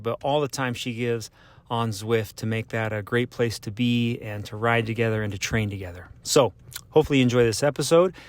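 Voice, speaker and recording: A man hosting a casual cycling podcast, upbeat and rambling with frequent fillers. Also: medium pitch. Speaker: podcast host.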